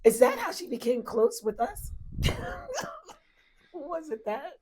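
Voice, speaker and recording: A woman's voice: high voice, big pitch swings, takes it slowly, darkish tone, husky. A woman co-hosting a podcast in casual chat, laughing often through playful banter. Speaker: podcast co-host.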